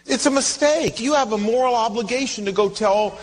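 A man's voice: very high voice, brisk, in a large hall, pitched above the performer's own voice. A man doing insistent scolding friends. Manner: firm, admonishing.

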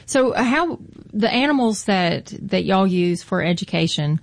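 A woman's voice: medium pitch, animated, measured pace, vocal fry. A woman hosting a casual radio interview, asking chatty, friendly questions. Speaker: radio show host.

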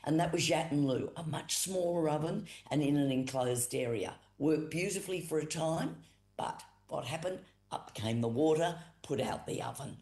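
A woman with an Australian accent telling a traditional creation story as a storyteller, unhurried and repetitive, with fillers. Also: a bass voice, darkish tone. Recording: roomy echo.

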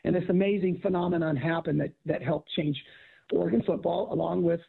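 A man's voice: fairly high pitch, brisk, vocal fry, slightly rough. A middle-aged man, a former football coach and author, telling stories in casual conversation and acting out quotes. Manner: animated storyteller acting out quotes. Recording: tinny phone-like audio.

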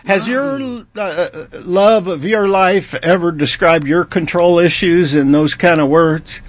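A man's voice: sits high, takes it slowly, dry recording. A male talk show host presenting segments in a wry, teasing, amused way.

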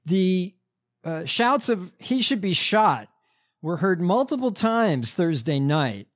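High-voiced male co-host reading news. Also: very animated, slow pace. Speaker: podcast co-host. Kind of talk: casual political chat, reading news aloud.

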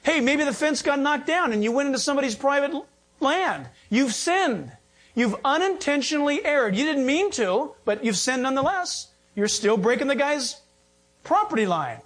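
A pastor preaching a sermon, animated, acting out quotes and joking with the congregation. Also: male voice, extremely high pitch, normal speed. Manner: animated preaching, acts out quotes, jokes and laughs.

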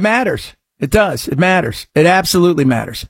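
A middle-aged man hosting a talk show, speaking sarcastically and breaking into mock shouts. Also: on the high side, animated, normal speed, hardly any pauses, no echo, studio quality. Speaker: radio talk show host. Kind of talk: sarcastic political talk commentary.

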